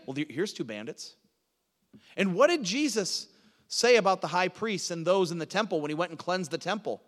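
A man preaching a sermon, teaching through a Bible passage with emphatic delivery that swings from loud to hushed. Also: sits high, big pitch swings, normal speed, long reverb tail.

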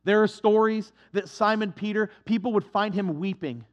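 A man's voice: sits high, moderate pace, highs cut off. Impassioned man preaching a sermon. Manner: dramatic swings from hushed to impassioned.

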